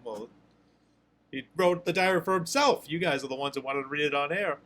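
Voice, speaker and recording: A man's voice: fairly high pitch, expressive, normal speed, fairly bright tone. A man from giving casual reaction commentary, amused and laughing often. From Boston, USA. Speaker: reaction video host.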